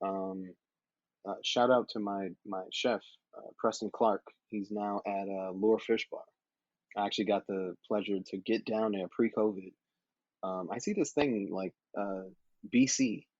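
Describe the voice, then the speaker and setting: A man with a low, husky voice tells stories on a podcast, slipping into lively quoted voices and laughing along the way. The sound is dry and a little dull, as if close to a modest mic. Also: a little slow, no echo. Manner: animated storyteller, acts out quotes with laughter. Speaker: podcast guest, model and actor. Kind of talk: casual storytelling chat.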